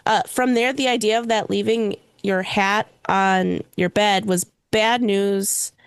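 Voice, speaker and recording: A woman's voice: medium pitch, steady tone, slow pace, clear, resonant tone, no echo. Giggly young woman co-hosting a podcast. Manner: laughs often, loose with fillers. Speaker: podcast co-host. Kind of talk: casual chat about superstitions.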